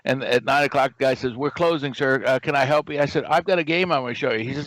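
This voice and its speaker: With a quick pace and hardly any pauses, an older American guest who founded a game company tells an animated story in a mid-range voice, acting out the quoted dialogue. The recording has no room sound but is rough.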